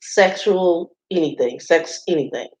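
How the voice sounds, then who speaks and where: A woman's voice: fairly low pitch, measured pace, darkish tone. A woman vlogger in a hotel room, chatting to viewers in a rambling, casual storytelling way and calling them y'all. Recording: roomy, slightly dull sound.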